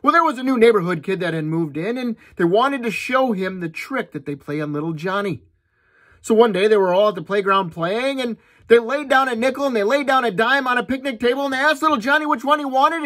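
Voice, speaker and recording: A man's voice: high voice, lively intonation, brisk, fairly bright tone. A middle-aged man telling dirty jokes, laughing at his own punchlines. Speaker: joke teller.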